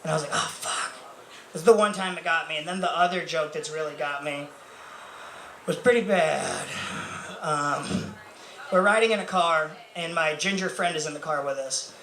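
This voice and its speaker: A young stand-up comedian with a fairly high, bright, forceful voice performs at a moderate pace on a bar or club stage before a live audience. His set is rambling, profane, and self-mocking, full of fillers and laughter. The room is echoey, with crowd noise.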